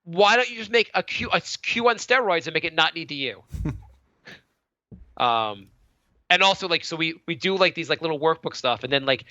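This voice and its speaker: A man's voice: fairly high pitch, no echo. A man in his thirties co-hosting a podcast, chatting casually and rambling with lots of restarts. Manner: rambling, animated, many restarts and stammers. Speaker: podcast co-host. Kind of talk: casual chat. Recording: dull lo-fi dry sound.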